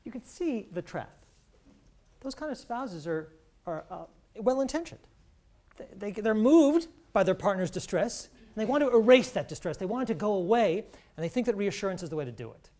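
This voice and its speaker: A woman's voice: medium pitch, lively intonation, normal speed, mellow. A woman professor giving an earnest talk, explaining her research with some restarts. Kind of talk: scripted talk on couples' health.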